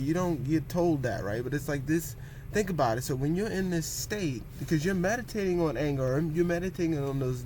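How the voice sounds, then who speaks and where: A man's voice: on the high side, darkish tone, a little hiss or hum. Rambling man musing on meditation. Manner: rambling, repeats "you know what I'm saying", acts out what others say. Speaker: vlogger. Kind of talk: casual talk on meditation and posture.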